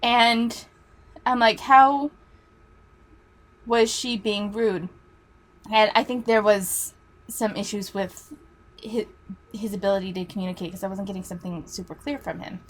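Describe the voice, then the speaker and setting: A woman's voice: mid-range voice, steady tone, moderate pace, slight background noise. A woman teacher telling a story in a casual, chatty way, swearing freely.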